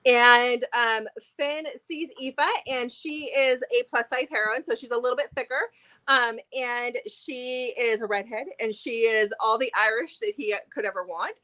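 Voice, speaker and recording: A woman's voice: a little high, steady tone, unhurried, pushed and bright. A woman co-hosting a casual book review chat, enthusiastic and chatty, with plenty of fillers.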